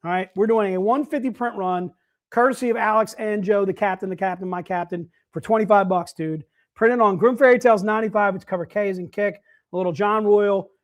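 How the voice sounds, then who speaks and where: With a high-pitched voice and a slightly fast pace, a man hosts a live sales stream. He's casual and upbeat throughout, calling everyone "dude."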